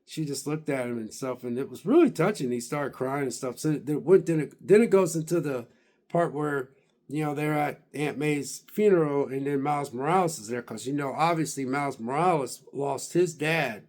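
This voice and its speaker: A man with a somewhat higher voice recaps a game he finally finished. He rambles casually, full of "uh" and "you know," backing up and restarting his sentences. His excitement comes through as he pushes to get the whole story out. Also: normal speed. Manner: excited and emphatic about finishing. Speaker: gaming vlogger.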